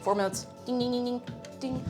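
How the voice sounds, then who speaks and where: A young woman chats casually with her live audience in a bright, playful manner and sometimes slips into sing-song. She sounds slightly out of breath, and her voice sits a little high. Background music plays clearly behind her. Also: fairly even intonation, a little fast. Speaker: livestreamer. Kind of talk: casual stream chat, reading chat aloud.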